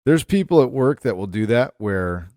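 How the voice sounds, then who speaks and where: A man's voice: medium pitch, normal speed, dry recording, clean studio sound. A middle-aged man co-hosting a podcast, telling rambling stories with lots of fillers in casual chat. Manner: rambling, animated storyteller with many fillers. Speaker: podcast co-host.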